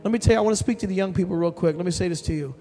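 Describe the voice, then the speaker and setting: A man preaching a sermon as pastor, telling a story with animated, emphatic delivery and calling out to the congregation. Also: high-pitched, very fast. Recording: long hall reverb with soft music behind.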